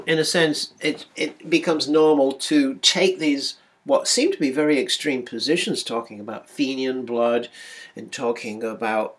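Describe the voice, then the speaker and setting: A man's voice: medium pitch, a bit bright. A man giving a university lecture, hesitant and full of ums and restarts.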